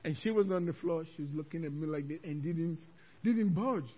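A male pastor preaching a sermon, telling a story with animated delivery and frequent laughter. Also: a little high, a little fast, husky, long reverb tail, muffled recording.

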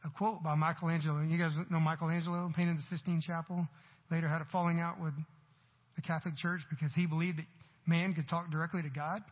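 A man's voice: fairly high pitch, little pitch movement, quick pace, big-room sound, muffled recording. A man who is a parent, preaching a church sermon, earnestly posing questions to the congregation. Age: adult parent. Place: church sanctuary.

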